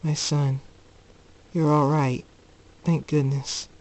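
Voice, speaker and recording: A man voicing a fierce winged mother in a homemade storybook reading, shrill when angry. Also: little pitch movement, moderate pace, a little mellow, natural voice, rough recording. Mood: tender.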